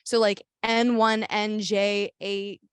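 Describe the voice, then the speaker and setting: A woman's voice: mid-range voice, flat delivery, slow, smooth, dry recording. A young woman, an activist, giving a casual workshop talk in a chatty, sassy way with lots of fillers and restarts.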